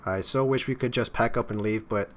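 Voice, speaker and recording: A man's voice: mid-range voice, fairly quick, slight background noise, natural voice. A man voicing a worried, determined young woman from a game, reading her dialogue in an earnest, urgent way.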